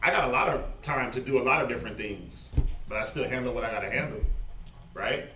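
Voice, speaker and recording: A man teaching a Bible study in a loose, slangy, animated way, laughing often. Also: mid-range voice, fast talker. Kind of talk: informal preaching. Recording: echoey, distant, faint noise.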